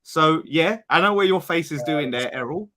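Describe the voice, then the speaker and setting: A man, an animated football fan pundit who swears and rants in casual podcast banter. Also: on the high side, moderate pace. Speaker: West Ham fan pundit.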